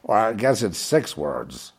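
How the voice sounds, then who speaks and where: A man's voice: on the low side, big pitch swings, unhurried, husky. A man preaching in a rambling, fervent monologue, repeating himself and quoting imagined critics.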